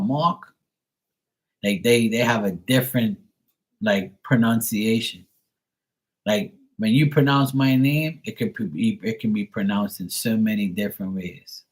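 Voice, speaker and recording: A man from Bermuda, chatting casually on his livestream and telling stories, swearing freely and imitating how his friends talk. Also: mid-range voice. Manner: storytelling, profane, mimics friends' slang. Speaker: live tarot reader and streamer.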